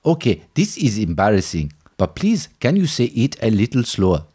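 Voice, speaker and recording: A man voicing a polite, baffled man who keeps apologizing as he asks about some chips, with a husky voice. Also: fairly low pitch, wildly swooping pitch, normal speed, warm tone, full character voice. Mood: puzzled polite. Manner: courteous, more and more apologetic.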